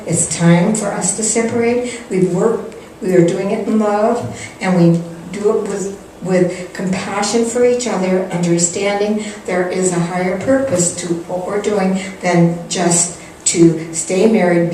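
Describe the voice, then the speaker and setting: A woman's voice: fairly low pitch, dark tone, slight background noise. Older female spiritual teacher telling a heartfelt story in a big echoey hall, mic at a distance. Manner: earnest storytelling, acts out quotes. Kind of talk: personal story in a spiritual talk.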